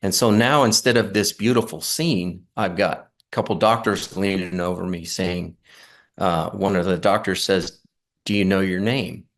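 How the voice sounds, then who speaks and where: A middle-aged man telling his story in an earnest, halting way, with many fillers and restarts. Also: deep voice, fairly even intonation, fairly bright tone. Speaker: near-death experience guest. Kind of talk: casual storytelling.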